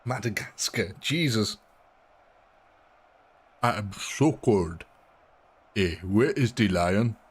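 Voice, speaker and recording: Chatty gaming streamer. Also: male voice, lowish voice, animated, slow pace, long pauses, slightly rough. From English Midlands. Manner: chatty, laughs often. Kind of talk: live gameplay commentary.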